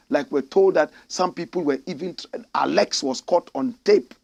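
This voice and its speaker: A man's voice: high voice, vocal fry. A Ghanaian man giving impassioned political commentary, indignant and full of rhetorical questions, calling listeners his brothers and sisters.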